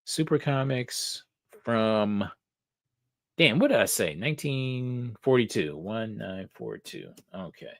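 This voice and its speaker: A man hosting a casual live stream who talks unhurriedly, his pitch swinging a lot as he thinks aloud. He swears casually and perks up with excitement now and then. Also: slow, creaky, no room sound, studio quality. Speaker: host of a comic book live show.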